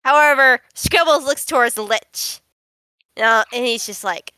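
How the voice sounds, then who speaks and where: A woman's voice: fairly high pitch, a little slow, sharp tone, no room sound. A woman playing a tabletop game over voice chat, casually narrating what her character does. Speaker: player.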